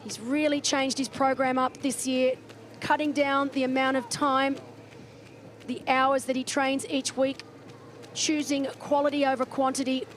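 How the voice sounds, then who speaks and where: A high-pitched woman calls a race live from a commentary booth. She talks in an eager, chatty way, with a faint hum of background sound behind her. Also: flat delivery, a little slow. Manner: enthusiastic, chatty.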